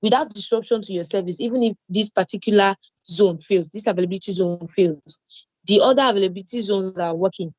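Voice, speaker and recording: A woman's voice: mid-range voice, fairly quick, a little mellow, dry recording, muffled recording. Nigerian woman teaching a cloud class. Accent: Nigerian English. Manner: repetitive, reassuring, explains with everyday examples. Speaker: cloud security instructor. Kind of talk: online training lecture.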